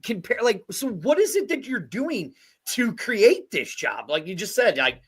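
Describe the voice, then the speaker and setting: A woman's voice: mid-range voice, very animated, a little slow, slight background noise. A woman hosting, asking questions in a casual chat while thinking aloud with fillers.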